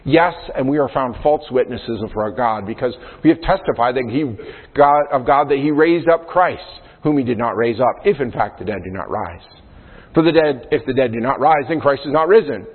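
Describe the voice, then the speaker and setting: A man's voice: mid-range voice, animated, moderate pace, slightly rough. A male pastor preaching a sermon in a conversational way, often checking in with "right?" as he explains Scripture. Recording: phone-like sound in a long-reverb hall.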